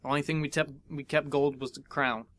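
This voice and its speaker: A young man hosting a podcast, telling a casual story and acting out the dialogue with big jumps in his voice. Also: brisk. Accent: American. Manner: animated, acts out dialogue with big pitch jumps. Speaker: podcast host.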